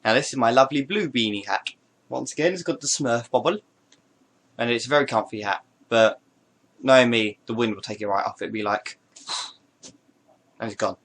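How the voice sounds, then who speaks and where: A man's voice: mid-range voice, moderate pace, long pauses, a bit bright. Jokey man showing off hats. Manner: playful, rambling, jokey asides. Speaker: vlogger. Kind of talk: casual show-and-tell to camera.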